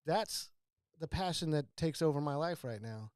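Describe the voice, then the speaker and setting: Middle-aged dude, mellow warm voice, blunt jokey podcast chat, dry mic. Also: male voice, a little high, expressive, moderate pace, smooth, dry recording. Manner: blunt, joking, swears casually. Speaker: podcast co-host. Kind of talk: casual chat.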